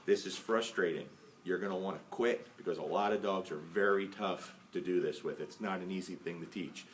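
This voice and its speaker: A dog trainer calmly explaining each step of a training method, patient and often checking in with "okay?". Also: male voice, low-pitched, fairly quick. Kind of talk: casual instructional demo. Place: indoors at home with a dog. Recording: faint background noise, mic at some distance.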